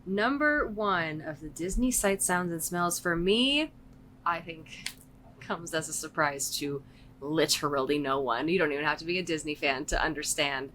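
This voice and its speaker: Upbeat woman co-hosting a podcast, low voice. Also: lively intonation, normal speed, fairly bright tone, a little hiss or hum. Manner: enthusiastic, upbeat. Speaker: podcast co-host. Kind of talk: casual chat.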